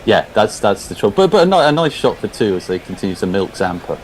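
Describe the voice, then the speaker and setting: A man's voice: lowish voice, big pitch swings, fast, a little hiss or hum, rough recording. A man co-commentating on cricket, telling long stories between balls and often restarting his sentences. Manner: rambling storyteller, restarts often. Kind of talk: anecdotal commentary chat.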